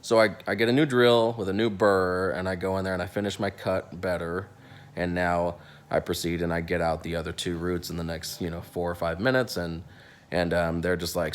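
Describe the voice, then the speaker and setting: A young man with a fairly low voice tells a workplace story in a loose, animated way. He jumps into other people's voices and stumbles through restarts and fillers as he goes. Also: brisk. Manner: animated, acts out quotes, many restarts and fillers. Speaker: dentist. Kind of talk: casual storytelling.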